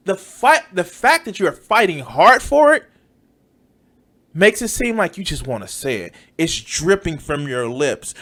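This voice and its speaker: A man riffing on a clip he is playing, slow and deliberate, sneering and swearing. His voice sits high and swings widely as he mocks the speaker. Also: sing-song, a bit bright. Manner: mocking, exasperated, swears often. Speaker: reaction streamer. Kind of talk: profane reaction commentary.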